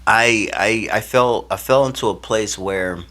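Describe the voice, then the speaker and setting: A young man from Minnesota telling a personal story to camera in a casual, slangy, animated way, swinging between loud and hushed. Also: on the low side, a little slow. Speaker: vlogger.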